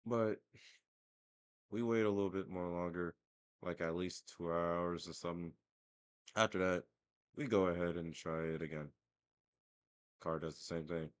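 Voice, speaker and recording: A man's voice: low voice, steady tone, a little slow, long pauses, smooth, dry recording. A young man telling a story as a casual, profane, self-mocking rant. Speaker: vlogger.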